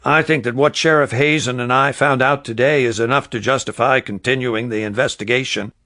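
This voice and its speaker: A man's voice: mid-range voice, steady tone, fairly quick, sharp tone, no room sound, pitched above the performer's own voice. A man reading an audiobook, voicing an investigator who argues his case earnestly. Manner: earnest, persuasive.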